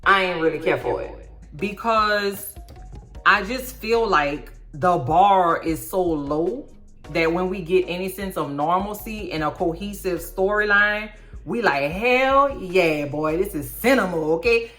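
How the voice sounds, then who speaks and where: A middle-aged woman with a New drawl talks through a TV episode in a sassy, animated way, often raising her voice for emphasis. Her voice sits on the lower side, and she records straight into her phone. Faint music plays behind her. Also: measured pace. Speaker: TV recap vlogger. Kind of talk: casual TV recap commentary.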